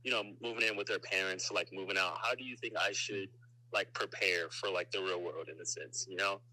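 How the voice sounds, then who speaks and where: A man from Chicago calling in to a podcast, asking haltingly with many fillers. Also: low-pitched, steady tone, sharp tone, low-quality recording. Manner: hesitant, full of fillers. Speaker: caller. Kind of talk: phone-in question to a podcast.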